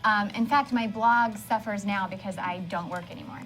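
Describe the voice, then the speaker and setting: A woman's voice: medium pitch, normal speed, a bit bright, soft background music, rough recording. A young woman, a comedy sketch cast member, chatting casually on a live show with many filler words.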